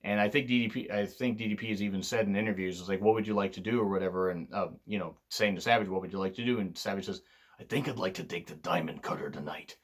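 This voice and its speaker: A man's voice: on the low side, steady tone, rapid-fire, few pauses. Tired man in a profane casual countdown. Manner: profane, rambling, frequent throat clearing. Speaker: wrestling countdown host. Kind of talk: casual spoken countdown commentary.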